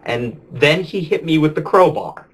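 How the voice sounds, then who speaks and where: In a very noisy recording, a man with a natural, fairly high voice and lively intonation speaks at normal speed. Playing a jaded former superhero, he laughs through crude, rambling confessions, leaning heavily on "you know."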